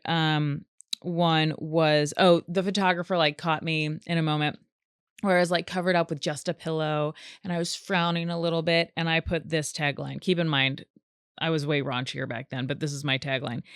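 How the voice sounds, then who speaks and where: A woman hosting a solo comedic podcast, talking in an animated, chatty way and acting out quoted voices. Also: deep voice, moderate pace, smooth, no echo, studio quality. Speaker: podcast host.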